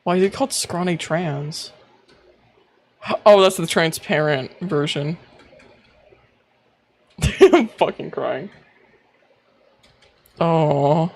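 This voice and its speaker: A man streaming live, chatting casually, excitable and quick to gasp, squeal and swear. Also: a little high, gravelly. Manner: excitable, gasping and squealing with laughter.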